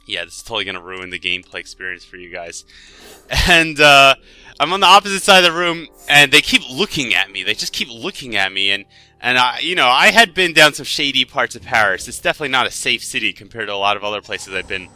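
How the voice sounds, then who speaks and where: A young man, a gaming video host, casually telling a rambling, self-deprecating story over his gameplay commentary, getting animated when excited. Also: mid-range voice, no echo. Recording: dry close mic with faint game music.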